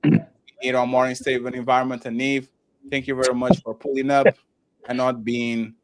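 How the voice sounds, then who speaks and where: A man's voice: mid-range voice, little pitch movement, moderate pace. A man hosting a live-streamed talk show, chatting loosely, stumbling over restarts and thanking viewers by name. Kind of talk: casual live-stream chat.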